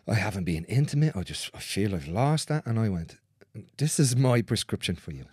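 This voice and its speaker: A man's voice: lowish voice, big pitch swings, a little fast, a little mellow, husky, dry recording, studio quality. A man working as a manual therapist, telling stories about clients in a casual conversation, blunt and swearing freely as he acts out what people said.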